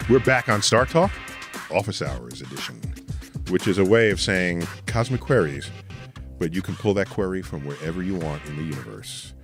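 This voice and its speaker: A man hosting a podcast in casual banter, playful and quick to laugh. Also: deep voice, faint music behind. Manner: animated, laughs easily, playful. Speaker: host.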